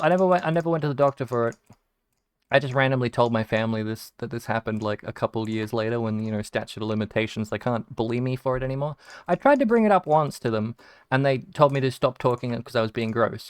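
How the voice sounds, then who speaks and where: A man's voice: medium pitch, fast talker, clean tone, no room sound. A young Australian man telling rambling stories full of restarts and swearing while he plays a game. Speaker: video game streamer. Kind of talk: casual storytelling while gaming.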